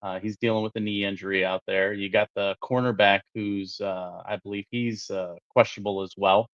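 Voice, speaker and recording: A man co-hosting a sports talk show, relaxed and rambling, peppering his speech with fillers. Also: on the low side, moderate pace, no echo, dull audio. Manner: relaxed, lots of "uh" and "you know". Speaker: podcast co-host.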